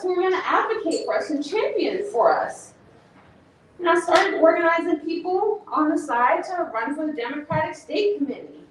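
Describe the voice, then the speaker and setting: Woman organizer getting emotional, high voice, really echoey hall, kinda far off. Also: a little hiss or hum. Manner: passionate, laughs and nearly cries. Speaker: organizer speaking at a panel. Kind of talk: emotional public talk. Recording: echoey room, speaker far from mic.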